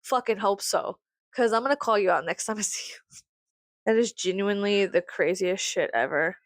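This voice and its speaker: A woman's voice: medium pitch, normal speed, dry recording, studio quality. A woman in her thirties venting to camera in a casual vlog, sarcastic and full of profanity. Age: 30s. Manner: profane, sarcastic, animated ranting. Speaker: vlogger.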